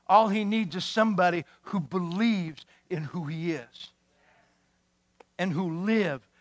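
A man's voice: high-pitched, slow. A male pastor preaching a sermon in an emphatic, fiery way, full of rhetorical questions.

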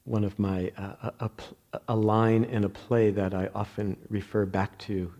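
A man with a New Jersey accent giving a reflective Zen dharma talk, halting with many pauses, fillers and restarts. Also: on the low side, level tone, dark tone. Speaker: Zen meditation teacher.

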